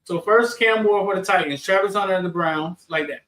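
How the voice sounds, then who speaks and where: A man in a casual livestream chat, coaxing and halting, repeating his words as he explains. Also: high voice, a bit bright. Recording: echoey, distant from the mic.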